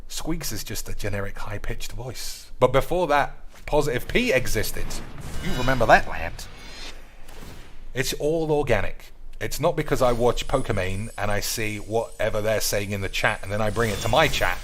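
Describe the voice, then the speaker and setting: A man's voice: on the low side, normal speed, fairly bright tone, slight background noise. A man giving teasing, drawling commentary on his gameplay stream. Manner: drawling, teasing, addresses viewers as boys and lads.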